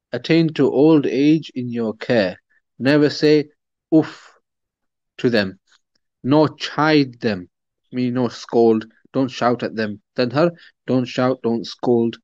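A man's voice: mid-range voice, takes it slowly, a little mellow, no echo. A man teaching a Quran commentary lesson in a conversational way, with frequent fillers and restarts. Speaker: religious teacher. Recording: dull, dry recording.

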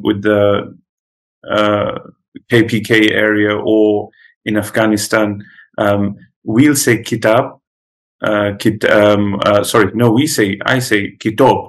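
Lecturing man, slightly low voice. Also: poor audio. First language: Pashto. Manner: conversational with many fillers and restarts. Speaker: teacher. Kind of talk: lecture to students.

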